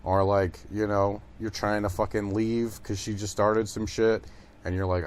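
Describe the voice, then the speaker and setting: A man's voice: fairly low pitch, level tone, normal speed, darkish tone, a little hiss or hum. A young man from Detroit hosting a podcast, telling stories in a rambling, profane monologue full of fillers. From Detroit, USA. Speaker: podcast host. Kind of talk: casual monologue.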